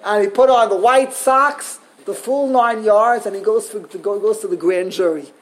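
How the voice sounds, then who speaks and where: A man giving a Talmud class lecture, telling stories with animated rhetorical questions and frequent restarts. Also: sits high, normal speed. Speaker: Talmud teacher.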